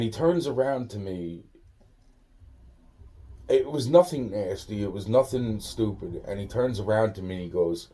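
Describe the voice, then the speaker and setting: A man's voice: lowish voice, lively intonation, unhurried, warm tone. A man casually telling a rambling personal story, swearing often and restarting his sentences. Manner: rambling, profane, many restarts. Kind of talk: casual spoken anecdote.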